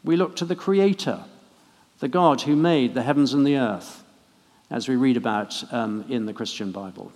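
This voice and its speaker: A man from England preaching a harvest sermon in a church, conversational and gently humorous. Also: medium pitch, normal speed. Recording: long church reverb.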